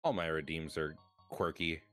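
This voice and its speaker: Deep, smooth-voiced male streamer. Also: normal speed, soft background music. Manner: rambling, filler-heavy, with sudden bursts of excitement. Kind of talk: casual stream chat.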